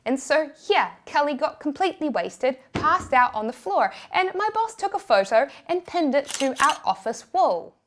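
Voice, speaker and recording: A woman's voice: high-pitched, big pitch swings, moderate pace, hardly any pauses, fairly bright tone. A young woman with a New Zealand accent narrating a personal story with candid, self-deprecating humor.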